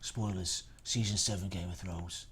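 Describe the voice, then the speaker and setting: A low-pitched, somewhat bright male voice keeps a steady tone and moderate pace while hosting a relaxed gaming live stream. He's from England, has a Northern English accent, and rambles chattily while reading out comments, amid slight background noise.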